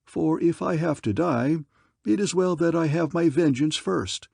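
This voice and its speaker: A man voicing a bold young male American warrior who speaks calmly and simply. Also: fairly high pitch, unhurried, gravelly, slightly rough, no room sound, studio quality, voice pushed up, exaggerated voice. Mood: resolute. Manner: calm, simple, resolute.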